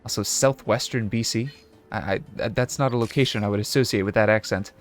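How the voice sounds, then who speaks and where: A man's voice: fairly low pitch, a little fast, faint music behind. A young man from Canada with a mild Canadian accent, casually rambling and self-correcting as he comments on a game he is playing. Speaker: gaming video host. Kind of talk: casual let's-play commentary.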